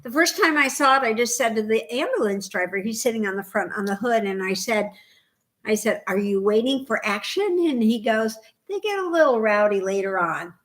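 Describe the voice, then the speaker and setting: Chatty storytelling woman, slightly high voice. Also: a little fast. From Indiana. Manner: animated storyteller, laughs often, acts out quoted dialogue. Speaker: podcast co-host. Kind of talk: casual chat.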